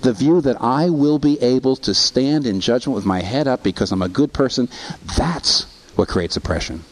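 A man's voice: medium pitch, low-quality recording. A man preaching a sermon, asking rhetorical questions and quoting scripture, with rising intensity. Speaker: pastor.

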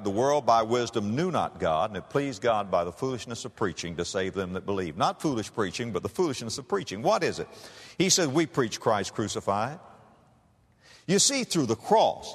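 A man preaches with theatrical swings, climbing high and loud, then dropping to a near hush. His pitch rolls animatedly as he stretches out the words he wants to land. The sound rings with the long reverb of a large hall. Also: husky. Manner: dramatic, with big swings between soaring and hushed phrases; slow, drawn-out emphasis on key words. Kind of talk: sermon.

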